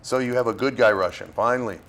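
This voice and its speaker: A man from Florida, an actor being interviewed, talking in a relaxed, halting way with fillers and restarts. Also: medium pitch, a little hiss or hum. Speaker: actor guest. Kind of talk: casual interview talk.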